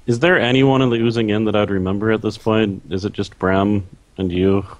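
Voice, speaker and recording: A man's voice: fairly low pitch, steady tone, fairly quick, no room sound. A man co-hosting a casual podcast, talking hesitantly with many fillers and restarts.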